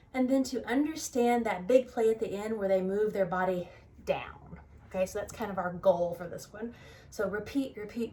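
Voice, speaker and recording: A woman teaching a toddler music class, talking in a bright sing-song way and singing slow children's songs. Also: medium pitch.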